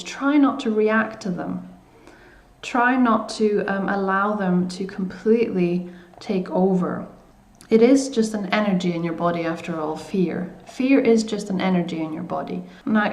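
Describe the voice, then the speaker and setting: A woman talks viewers through coping advice in a soft, unhurried, hesitant way, often pausing on fillers and restarting her sentences. Her voice sits at an ordinary middle pitch. The sound carries a noticeable room echo. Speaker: coach. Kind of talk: self-help video talk.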